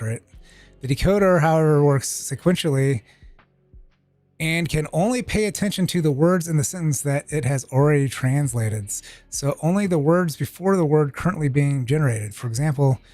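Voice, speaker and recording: A man's voice: a little high, moderate pace, a little mellow, no echo, soft background music. Man reading a tutorial on stream. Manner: reads text aloud with casual asides and swearing.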